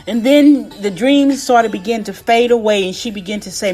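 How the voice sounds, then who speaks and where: A middle-aged woman giving a spiritual testimony as an inspirational speaker, speaking slowly and emotionally and repeating her phrases. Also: a little high, a little mellow, faint music behind.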